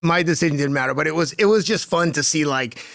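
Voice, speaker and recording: A man in his fifties, a guest on a podcast, telling stories in a chatty, animated way that grows louder and more fired up. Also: fairly high pitch, quick pace, vocal fry, dry recording, clean studio sound. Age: 50s. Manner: chatty, lots of fillers and restarts. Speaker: podcast guest, marathon runner. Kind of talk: casual interview storytelling.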